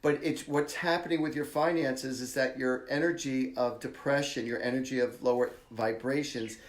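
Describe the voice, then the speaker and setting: A man hosts a live psychic reading and talks to his viewers in a chatty, blunt way. His voice sits at an ordinary middle pitch. The sound is roomy and echoey. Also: steady tone, normal speed. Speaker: psychic medium host. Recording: echoey room.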